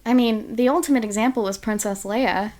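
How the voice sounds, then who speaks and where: A woman's voice: fairly high pitch, fairly quick, darkish tone. A woman chatting casually on a podcast, often laughing and putting on mocking voices. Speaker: podcast guest.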